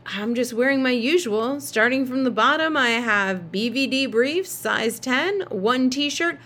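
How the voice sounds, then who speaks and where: A woman reading aloud and voicing a stubborn little boy who argues back in a shrill, indignant way. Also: lively intonation, unhurried, a bit bright. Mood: matter-of-fact. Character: stubborn shrieking little boy, younger brother.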